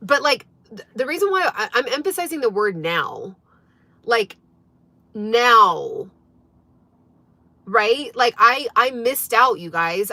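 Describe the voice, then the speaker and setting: A woman's voice: on the high side, pushed and bright, no room sound. A woman hosting a casual livestream for her wellness channel, talking earnestly to viewers with lots of fillers and emphasis. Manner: earnest, emphatic, filler-heavy, often asks "right?".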